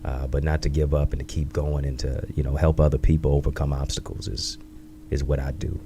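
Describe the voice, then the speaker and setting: A man in his thirties, an author and speaker, telling his life story in an interview in a reflective, measured way, with catchy sayings. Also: a bass voice, flat delivery, dark tone, slight background noise.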